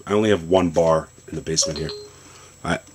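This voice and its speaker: A man with a very deep voice walks through a phone demo in a basement, loose and chatty. He stops, restarts and fills gaps with "uh" as he goes. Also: brisk, slight background noise. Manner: relaxed, rambling explanation with many fillers and restarts. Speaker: tech video host. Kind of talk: casual tech demonstration.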